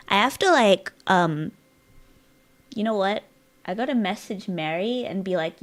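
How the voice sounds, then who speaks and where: A woman's voice: mid-range voice, animated, normal speed. Giggly woman streamer chatting playfully. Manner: giggly, laughs often, playful. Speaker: live streamer. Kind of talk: casual live-stream chat while gaming.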